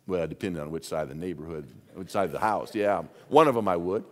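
A man preaching a sermon as the pastor, telling stories with his voice swinging from hushed asides to loud exclaims. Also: low voice, fast talker.

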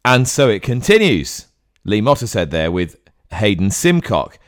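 A man hosting a racing podcast, teasing and lively with his guest. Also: fairly low pitch, unhurried. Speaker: podcast host. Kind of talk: casual interview chat.

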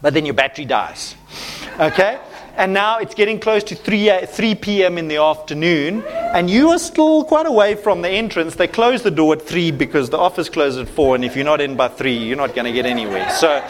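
High-voiced preacher. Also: male voice, brisk, a little hiss or hum. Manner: animated preaching, checking in with "okay?". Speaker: pastor. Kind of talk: sermon.

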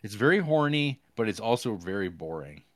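A man with a fairly low voice, talking close to a dry mic with no room sound. He co-hosts a podcast, recapping a film's plot in a casual, halting ramble full of fillers and crude asides. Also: sing-song, dry recording. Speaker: podcast co-host. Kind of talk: casual movie review chat.

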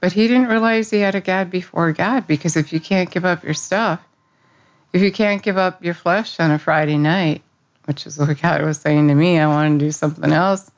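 A woman's voice: lowish voice, fairly even intonation, moderate pace. A woman giving an earnest, conversational devotional talk, often restarting her sentences. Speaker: devotional speaker. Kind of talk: casual spoken devotional.

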